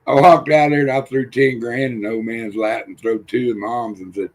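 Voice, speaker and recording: An older man on a livestream panel, telling rough, profane stories and acting out the voices in them. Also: mid-range voice, fairly even intonation, normal speed. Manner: rough-spoken, swears freely, acts out quotes. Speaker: panel guest. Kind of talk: casual storytelling on a livestream panel.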